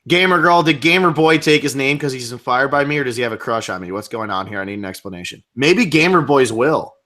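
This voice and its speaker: A man co-hosting a fan show, chatting casually in quick back-and-forth with filler words. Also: mid-range voice, animated, pushed and bright. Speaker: podcast co-host.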